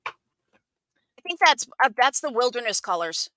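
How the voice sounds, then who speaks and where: A woman's voice: fairly high pitch, sing-song, measured pace, pushed and bright, dry recording. A woman assisting at a live craft sale, reading buyers' orders aloud and chiming in with product details. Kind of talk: casual live sale chat.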